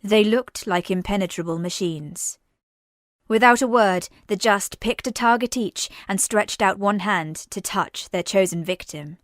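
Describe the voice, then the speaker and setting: A woman narrating a science-fiction audio drama in a measured, unhurried voice. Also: medium pitch, no room sound, clean studio sound.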